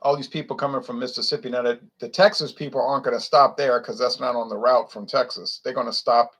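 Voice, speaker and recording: A man's voice: medium pitch, fairly even intonation, fast talker, a bit bright, husky. Blunt, rambling man with a Louisiana accent. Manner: opinionated, blunt, digressive. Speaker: beer reviewer. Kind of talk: casual rambling review.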